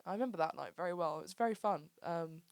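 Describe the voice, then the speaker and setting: A woman's voice: fairly low pitch, quick pace, gravelly, dry recording, clean studio sound. Chatty English woman in her twenties. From England. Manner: chatty storyteller, lots of "like" and "um". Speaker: podcast host. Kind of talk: casual chat.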